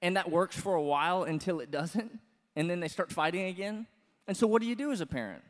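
A man in his thirties preaching a sermon as pastor, conversational and animated, with many fillers and restarts. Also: high voice, brisk. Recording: long hall reverb.

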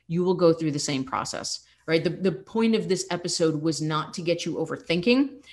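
A young adult woman fitness coach hosting a podcast, talking candidly and encouragingly, with laughs slipping in. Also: fairly low pitch. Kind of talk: casual motivational podcast talk.

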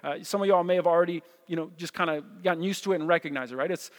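A pastor from New with a fairly high voice, preaching in a casual, conversational way. He repeats himself and keeps asking "right?" to draw the room in. His voice rings out with a long, echoing reverb. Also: racing. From New Jersey. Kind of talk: sermon. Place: church hall.

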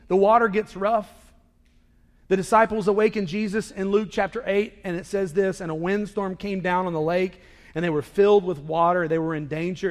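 A man preaching a sermon indoors, moving between hushed, intimate lines and loud, emphatic ones. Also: sits high. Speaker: pastor. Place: indoor worship hall. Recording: reverberant hall.

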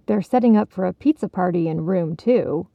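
A woman's voice: lowish voice, moderate pace, vocal fry, no room sound, muffled recording. A woman voicing Barney, a smug, confiding male mouse neighbor, in a storybook reading. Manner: confiding, pleased with himself.

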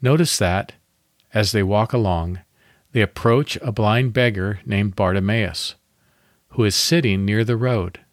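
A man hosting a devotional podcast, reading a guided Bible meditation in a calm, measured way with pauses. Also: on the low side, no room sound, clean studio sound.

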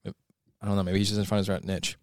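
A man's voice: fairly low pitch, monotone, fairly quick, darkish tone, no room sound, clean studio sound. A man co-hosting a casual chat, rambling through ideas with playful sarcasm.

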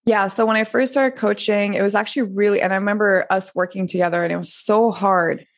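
A woman in her twenties, a coach and podcast guest, telling her story in a rambling, animated way with frequent laughs and restarts. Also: medium pitch, a little fast. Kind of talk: casual interview storytelling.

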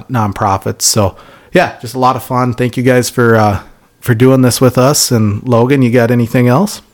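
A male podcast host with a fairly low voice, speaking earnestly to his audience. His tone is encouraging and thankful, in relaxed conversation. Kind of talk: casual chat.

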